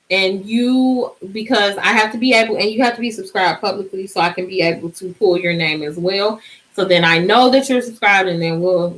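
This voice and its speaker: A woman's voice: mid-range voice, fairly bright tone, poor audio. Sleepy, chatty woman streaming live. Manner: chatty, bubbly, sings out little cheers. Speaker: vlogger hosting a live stream. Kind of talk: casual live-stream chat.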